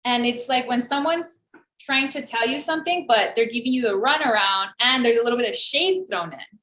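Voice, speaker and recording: Podcast co-host, woman in her 30s, high-ish voice, sarcastic storyteller, roomy echo. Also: normal speed. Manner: animated storytelling, acts out quoted voices, sarcastic. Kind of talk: casual chat. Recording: echoey room.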